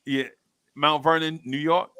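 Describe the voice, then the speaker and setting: A man hosting a casual live stream, reading viewer comments and telling stories in a slangy, laughing, animated way. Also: fairly high pitch, a little slow.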